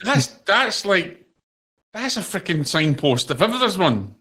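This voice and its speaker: A man's voice: sits high, sing-song, a little slow, bright, forceful tone, slightly rough. A man hosting an interview, reacting to his guest with brief comments. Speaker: podcast host. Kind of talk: interview chat.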